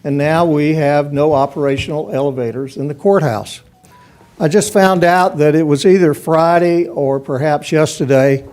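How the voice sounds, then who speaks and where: A man's voice: a little high, warm tone. A man giving a public comment at a county budget hearing, laying out firm, methodical criticism into a podium microphone. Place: county commission meeting chamber.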